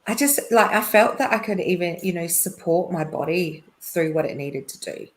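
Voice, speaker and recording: Chatty woman, lowish voice. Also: expressive, normal speed. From Australia. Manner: chatty, laughs often, many fillers and restarts. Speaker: podcast guest. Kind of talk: casual personal storytelling.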